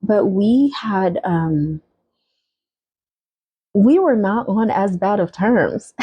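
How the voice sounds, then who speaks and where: Woman in her 30s doing a story time for her viewers, dark raspy voice, talks straight to them, swears a lot. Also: medium pitch, expressive, slow, dull audio. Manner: blunt, swears freely, talks to viewers directly. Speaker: tarot reader telling a story time.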